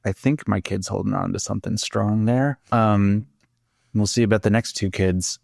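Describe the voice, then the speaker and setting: A laid-back man from Long Beach with a general American accent chats as a podcast guest, joking easily and filling pauses with ums. His voice sits on the low side. The recording is dry and close. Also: steady tone, creaky, darkish tone, no room sound. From California, Long Beach. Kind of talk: casual chat.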